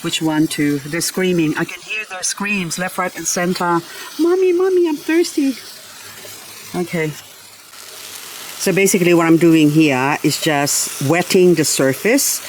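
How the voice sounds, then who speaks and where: A woman's voice: on the low side, moderate pace, few pauses, a little hiss or hum, poor audio. A woman vlogging as she waters her garden. She chats casually and talks fondly to her plants. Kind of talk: casual chat while working.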